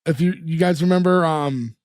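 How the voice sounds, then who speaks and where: A man's voice: on the high side, moderate pace, darkish tone, no room sound, clean studio sound. A man co-hosting a podcast, casually retelling a sitcom episode scene by scene and acting out the characters' lines as he goes. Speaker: podcast co-host. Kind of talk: casual chat recapping a TV episode.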